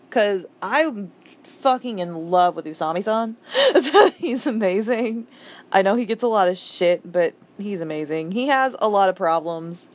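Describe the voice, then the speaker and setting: Woman host of a manga review vlog, mid-range voice, talks off the cuff and swears a lot. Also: mid-range voice. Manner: swears freely, rambling with restarts; gushing and exasperated. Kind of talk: casual rambling review.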